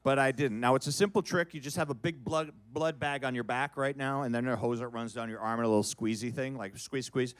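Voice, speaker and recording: A middle-aged man telling a comic story on a cabaret stage, animated and building to loud shouts. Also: mid-range voice, a little fast, few pauses, no room sound. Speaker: guest performer.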